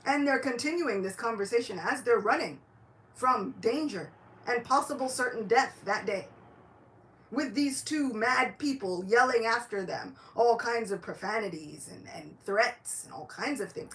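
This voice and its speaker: A woman giving a devotional lecture, storytelling with a lively, swooping voice pitched a little high. She slips into character voices for the quoted dialogue and rises sharply when the story gets excited. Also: moderate pace, a little hiss or hum.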